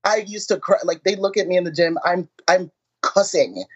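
A woman powerlifter talking in a casual interview, animated and self-mocking, laughing as she tells stories. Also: lowish voice, moderate pace, slightly rough. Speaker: powerlifter guest. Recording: muffled lo-fi audio.

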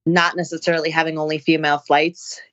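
A woman powerlifter, a guest in a casual interview, telling stories excitedly with laughs and acted-out quotes. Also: sits low, fast talker, no room sound, lo-fi sound. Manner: excitable, laughing storyteller, acts out others' voices.

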